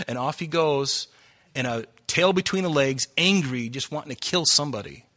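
A pastor preaches a sermon to a congregation in a church hall, fervent and worked up, breaking off into laughter and asides. His voice is fairly high, a bit bright, at a normal speed.

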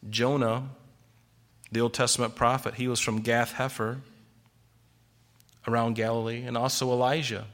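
A man preaching an expository sermon, animated and full of rhetorical questions. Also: medium pitch, moderate pace, long pauses. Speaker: pastor.

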